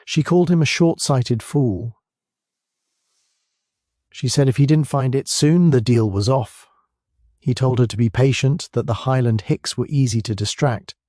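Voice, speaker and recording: A man voicing a polite, measured curry house owner who confides what he saw. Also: medium pitch, mellow, no room sound, clean studio sound, natural voice. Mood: confiding. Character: calm middle-aged man running a curry house kitchen.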